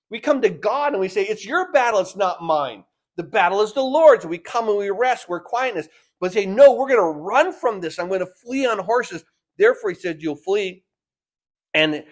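The man's voice sits high as he preaches. Loud, emphatic lines give way to soft, slow, elongated phrases, and he keeps repeating words to build toward each point.

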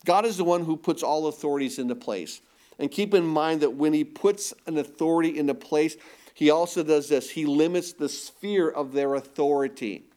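Guy preaching, kinda high voice, keeps asking the church questions, emphatic. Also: normal speed, mellow. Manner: emphatic, asks the congregation rhetorical questions. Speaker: pastor. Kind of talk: sermon.

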